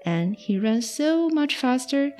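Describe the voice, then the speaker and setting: A woman volunteer storyteller reading a fairy tale aloud to children in a slow, expressive read-aloud. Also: sits high, soft background music.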